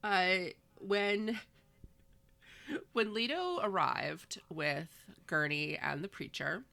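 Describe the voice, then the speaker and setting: A woman chatting casually with dry, sarcastic asides. Her voice is bright and a little gravelly, and she sits somewhat low in pitch. She talks like a relaxed co-host going over a story. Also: drawn-out words. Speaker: podcast co-host. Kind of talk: casual chat recapping a book.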